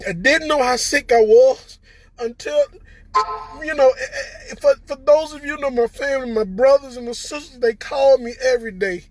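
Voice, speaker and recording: A tearful man with a Southern American accent speaks in a strained, unusually high voice, breaking and stumbling over repeated words. His tone is husky and breathy, and the sound is close and dry with no room around it. He talks straight to viewers in a heartfelt personal testimony. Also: darkish tone, no echo. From Southern United States. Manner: halting, repeats words, stammering. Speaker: recovered patient addressing viewers.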